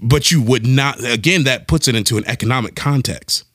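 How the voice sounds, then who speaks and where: Animated man thinking aloud. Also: medium pitch, brisk, dry recording, studio quality. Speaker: podcast co-host. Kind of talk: casual discussion.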